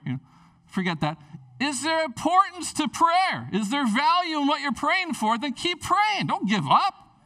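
A man preaching a casual, excitable sermon, chatty and animated. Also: very high-pitched, normal speed, far from the mic. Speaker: pastor.

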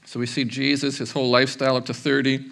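A man in his forties preaching a sermon as pastor, chatty and animated, acting out little quotes along the way. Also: mid-range voice, fast talker, vocal fry.

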